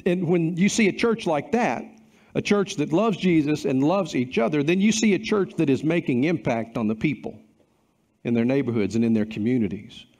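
A man's voice: a little high, darkish tone. A middle-aged man preaching a sermon as pastor, earnest and emphatic, stacking repeated phrases.

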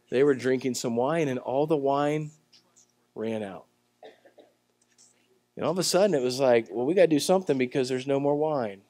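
Conversational pastor with a higher voice. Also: male voice, no echo. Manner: conversational storytelling with acted-out voices; swings between loud emphatic and quiet lines. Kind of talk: sermon. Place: church service.

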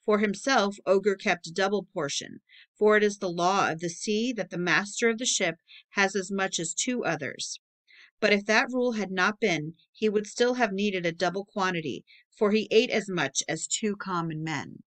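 A woman reads an old legend aloud as an audiobook narrator. Her delivery is steady and measured, at a middle pitch for a woman. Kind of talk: reading a public-domain book aloud.

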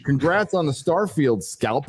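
A man's voice: on the high side, lively intonation, unhurried. A man co-hosting a casual panel show, reading out donation messages and chatting, swearing and laughing often. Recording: noisy livestream audio.

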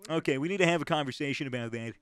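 A man's voice: on the high side, racing, fairly bright tone, clean tone, dry recording. A man hosting a casual game chat, teasing and needling another player and swearing freely. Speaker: YouTuber host.

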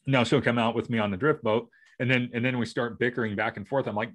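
In a mid-range, slightly bright voice with fairly even intonation, a middle-aged podcast co-host talks fast with few pauses. His casual chat rambles and restarts, and he acts out family members' lines.

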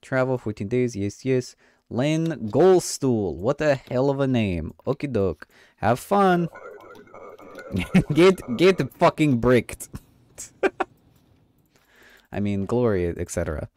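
A man's voice: mid-range voice, very animated, slow, pauses often, darkish tone, no echo. A man streaming a game, joking in a mock-official inspector voice with a put-on accent and swearing. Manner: puts on a mock foreign accent. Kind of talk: comedic let's play commentary.

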